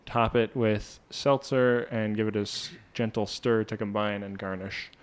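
A man's voice: fairly low pitch, fairly even intonation, clear, resonant tone. A man co-hosting a podcast, chatting casually and reading out cocktail recipes with frequent laughs. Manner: reads cocktail recipes slowly, laughs often. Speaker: podcast co-host.

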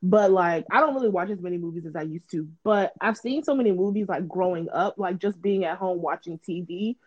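A woman co-hosting a casual chat, telling animated, swearing stories with friends. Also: fairly low pitch, a little fast. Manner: animated storytelling, swears freely. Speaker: podcast co-host. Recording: dull lo-fi sound.

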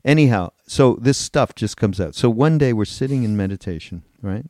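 A man's voice: lowish voice, lively intonation, a little fast, warm tone, no echo, studio quality. A man co-hosting a podcast, telling loose, rambling anecdotes in casual chat, laughing and swearing as he goes. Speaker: podcast co-host.

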